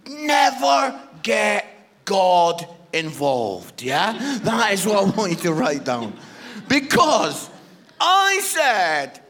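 A man's voice: sits high, very slow. A Scottish man in his forties, a guest preacher telling a funny personal story in a sermon and acting out the dialogue. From Scotland. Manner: animated, humorous, acts out dialogue.

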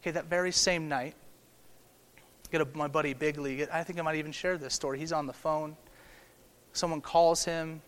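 Young male preacher, slightly higher voice, casual storytelling delivery that rises to emphatic peaks. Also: fairly even intonation, normal speed, long pauses, fairly bright tone. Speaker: pastor. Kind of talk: sermon.

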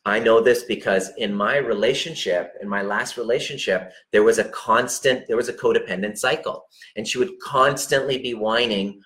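A man's voice: medium pitch, fairly quick, few pauses, fairly bright tone. A man giving blunt relationship coaching, talking directly to the listener, emphatic and peppered with swearing. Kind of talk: direct unscripted coaching talk.

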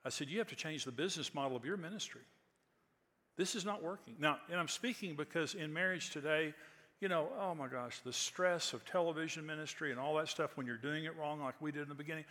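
A pastor in his sixties tells stories from the pulpit in an easy, conversational way, then presses his points with emphatic force. His voice is bright and forceful, with a long reverb trailing through a large hall. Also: on the high side, brisk. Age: 60s. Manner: conversational, anecdotal, rising to emphatic peaks. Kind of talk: sermon with storytelling.

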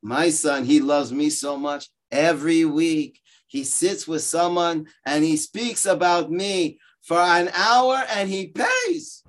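A proud elderly mother brags about her devoted son in a lilting, boastful tone, her voice lifted high. A man acts her out while telling a joke to his class. Her bragging never lets up. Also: animated, takes it slowly, hardly any pauses. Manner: boastful, sing-song.

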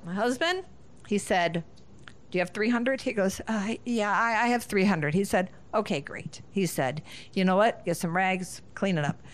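A woman's voice: mid-range voice, normal speed. Middle-aged woman from northern ohio, guest speaker, telling a family story, laughs a lot and acts out what people said. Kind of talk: storytelling talk.

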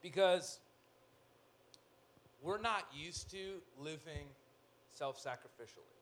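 A male pastor preaching a sermon in an animated way, with joking asides, swinging from loud to hushed. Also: on the high side, slow, a little hiss or hum.

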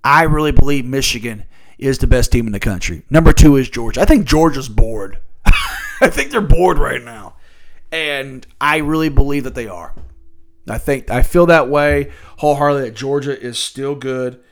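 A man's voice: mid-range voice, expressive, moderate pace. A man hosting a solo sports talk show, ranting in a fired-up, profane way. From Louisville area.

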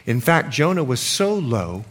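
A male pastor preaching a sermon in a church, animated and playful with his audience. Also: medium pitch, measured pace. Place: church sanctuary. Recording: long hall reverb, congregation audible. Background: congregation.

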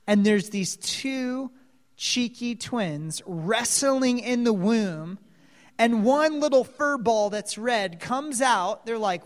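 Man preaching, lively storyteller, quizzes the audience, speaks slowly; large echoing hall. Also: extremely high pitch. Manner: animated storyteller, asks the audience questions. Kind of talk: sermon retelling a Bible story. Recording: long reverb of a large hall.

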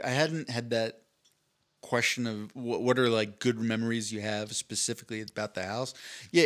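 A young man co-hosting a podcast, telling a candid, profane, self-mocking story in casual chat. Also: mid-range voice. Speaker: podcast co-host.

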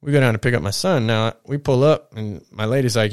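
A man's voice: on the low side, quick pace, hardly any pauses, dry recording, studio quality. A young man telling a personal story in a rambling, profane, fired-up way, as a podcast host. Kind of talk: casual storytelling monologue.

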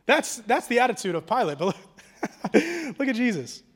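Very high-pitched yet moderately paced, with a breathy edge, a male pastor preaches in a laid-back, slangy way. His delivery swings between intimate softness and loud animation.

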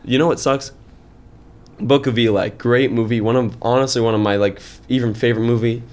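With a mid-range voice and a brisk delivery, a twentysomething man co-hosting a podcast tells a story in casual conversation. He's animated and uses many filler words, and his heat rises as the tale unfolds.

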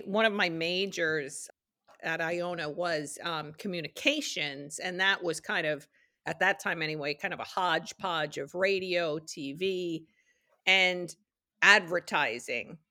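Middle-aged woman guest, low-pitched and chatty, dry close recording. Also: measured pace, pushed and bright, no room sound. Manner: chatty, acts out quoted dialogue in her anecdotes. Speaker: interview guest, studio executive. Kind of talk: casual storytelling interview.

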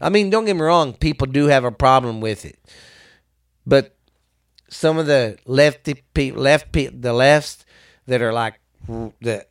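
A man with a mid-range voice, ranting in a blunt, profane, conversational way. He hosts a casual talk show, full of swearing and quick asides. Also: mid-range voice.

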